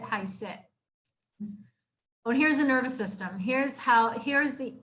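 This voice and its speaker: A young adult woman speaks to a room of listeners about health. Her voice sits a touch on the high side, and she talks in a casual, earnest way, circling back, repeating points and leaning on fillers. It sounds like a live community talk, not a script. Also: fairly bright tone. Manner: casual, earnest, repeats herself with many fillers like "like" and "you know". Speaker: chiropractor giving a health talk. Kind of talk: informal health talk to an audience.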